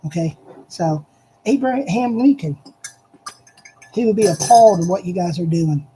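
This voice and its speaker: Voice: medium pitch, normal speed, warm tone, slight background noise, rough recording. A speaker giving an impassioned, repetitive monologue, addressing listeners directly and hammering each point with emphasis. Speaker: political commentator.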